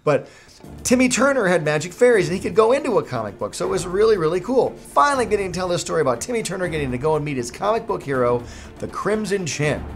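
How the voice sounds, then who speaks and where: A man's voice: high voice, sing-song, fast, faint music behind. A middle-aged man, a cartoon creator, telling a comic story in a playful, jokey way.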